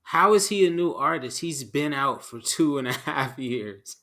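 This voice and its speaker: A man's voice: fairly high pitch, expressive, unhurried, bright, forceful tone. A man co-hosting a podcast, chatting casually in a skeptical, questioning, easygoing way. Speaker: podcast co-host. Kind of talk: casual chat.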